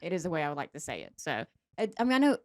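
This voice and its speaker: A woman's voice: sits low, very animated, very fast, a little mellow, no room sound, clean studio sound. Giggly Southern woman hosting a podcast. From Georgia. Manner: bubbly, giggly, chatty. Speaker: podcast host. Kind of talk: casual chat.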